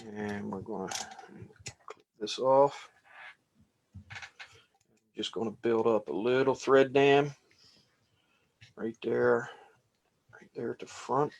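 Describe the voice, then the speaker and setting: A man casually talking through a fly tying demonstration as he works, relaxed and rambling. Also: mid-range voice, slow, creaky, pauses often, a little hiss or hum. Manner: relaxed, rambling, talks while working.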